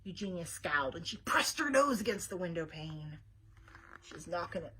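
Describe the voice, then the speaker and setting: Speaking in a lowish, expressive voice with a breathy edge and a fairly bright tone, a woman librarian reads aloud to children at a moderate pace. She shows the pictures and adds chatty asides, all recorded through a webcam.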